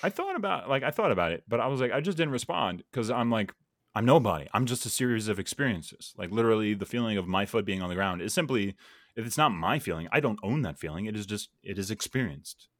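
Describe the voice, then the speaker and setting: A man's voice: lowish voice, expressive, fast talker, a bit bright, no room sound, clean studio sound. A man in casual podcast conversation, reflective and earnest, thinking aloud with many fillers. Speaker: podcast guest or host.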